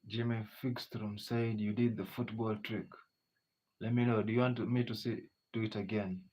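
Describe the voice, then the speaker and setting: Chatting with viewers on a laid-back livestream, the host reads their comments aloud, welcomes them by name, and often drops "you know." He speaks at normal speed in a flat, lowish voice that's a little mellow and slightly rough, over dull lo-fi stream audio.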